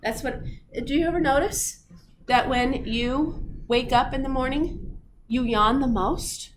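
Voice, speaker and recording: A woman's voice: high-pitched, a little slow, poor audio. A woman lecturing on physiology to a live class, playful and teasing her students. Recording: room recording with steady background noise.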